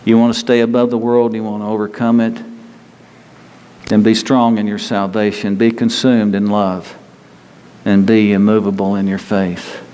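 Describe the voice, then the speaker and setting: A man's voice: on the low side, flat delivery, moderate pace, warm tone, smooth. A man preaching a sermon in a folksy, conversational way, acting out quotes of the people he talks about. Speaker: pastor. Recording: long hall reverb, faint ambient noise.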